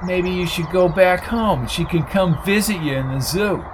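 A man voicing a brash, loudmouthed tough-guy driver who yells insults. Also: high-pitched, moderate pace, noisy background, pitched above the performer's own voice, lightly acted. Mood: yelling. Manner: yelling, insulting.

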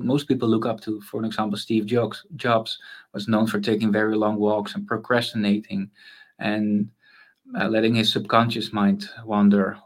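A man guest in a casual interview, talking thoughtfully about making mental space, with frequent fillers and restarts. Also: fairly low pitch.

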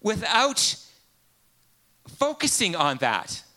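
A man preaching a sermon, telling a personal story earnestly with many pauses and fillers. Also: sits high, huge pitch swings, sharp tone.

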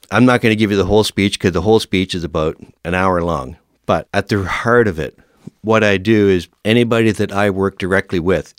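A middle-aged man, a firefighter, telling lively stories in an interview and acting out the dialogue. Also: deep voice, no echo, clean studio sound. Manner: animated storyteller, acts out quoted dialogue. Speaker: firefighter guest. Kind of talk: storytelling in an interview.

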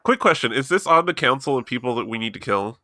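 A man plays a tabletop game and chats casually, thinking aloud with wry asides. His voice is bright and lively in pitch, recorded dry and close. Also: fast, no echo. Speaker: player.

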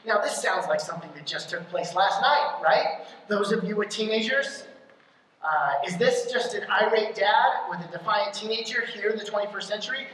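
A pastor delivers a conversational sermon in a mid-range, slightly bright voice, frequently checking in with the congregation through quick questions and hitting key lines hard. The mic sits far off in a very echoey hall.

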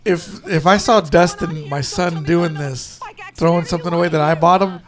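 A man's voice: on the high side, fairly even intonation, normal speed. A middle-aged man chatting casually while watching a film, telling stories and laughing often. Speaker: co-host reacting to a film. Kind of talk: casual watch-along chat.

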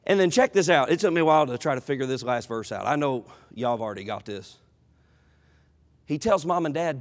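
A man preaching an animated sermon in a church, acting out Bible characters in dialogue. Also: fairly high pitch, brisk. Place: church sanctuary. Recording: long reverb of a large hall.

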